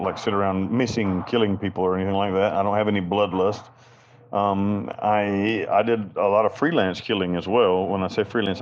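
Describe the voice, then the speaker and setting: Man, low voice, blunt and profane, rambling storyteller, dull lo-fi audio with faint ambience. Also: a little hiss or hum. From Western North Carolina. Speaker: interview guest. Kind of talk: candid storytelling interview.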